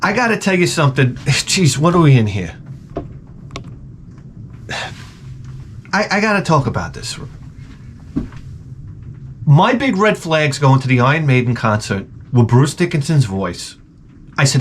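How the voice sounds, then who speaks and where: A man's voice: fairly high pitch, big pitch swings, a little slow, long pauses, slight background noise. Rambling, foul-mouthed male host. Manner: profane, rambling, self-mocking storytelling with stammered restarts. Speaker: show host. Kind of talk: casual comedic rant.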